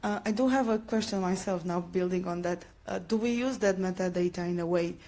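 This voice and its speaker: A woman's voice: on the low side, fairly quick, warm tone. A woman moderating a conference session, casual and upbeat.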